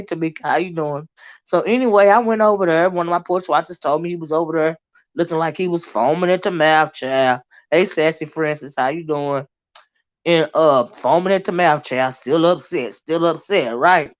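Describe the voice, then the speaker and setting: A woman with a deep voice hosts a casual livestream chat. She's talkative, greets viewers by name and laughs often.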